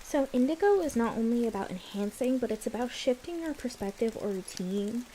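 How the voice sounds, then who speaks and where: A woman's voice: a little high, lively intonation, a little fast, dark tone, slight background noise, rough recording. A young woman giving a casual tarot reading, explaining the cards in a chatty way. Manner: chatty, explaining as she goes. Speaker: tarot reader.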